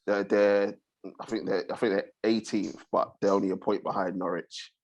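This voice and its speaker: Low-voiced guy leading a football chat, easygoing slang-heavy banter. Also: flat delivery, normal speed. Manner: laid-back slangy banter. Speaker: co-host of a football chat show.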